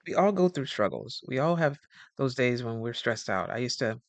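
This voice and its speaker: A man gives casual advice on communication, wandering through his points and stopping to correct his own words. His voice sits at an ordinary middle pitch, and he breaks into little acted-out exchanges as he goes. The sound is dry and close, with no room echo. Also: normal speed. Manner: animated, acts out quoted dialogue; rambling with self-corrections. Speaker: communication coach.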